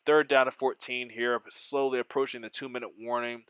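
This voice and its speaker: A man giving excitable play-by-play of his own football video game, mixing in joking, self-deprecating asides. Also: medium pitch, brisk, clear, resonant tone, no echo. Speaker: gaming YouTuber.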